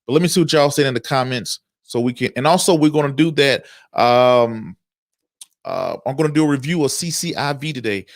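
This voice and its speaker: A man hosting a casual livestream about the stock market, greeting viewers by name and talking through market moves in a relaxed, chatty way. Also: mid-range voice, brisk, dry recording, clean studio sound. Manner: chatty, reads viewer comments aloud and greets them. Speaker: host of a stock market show.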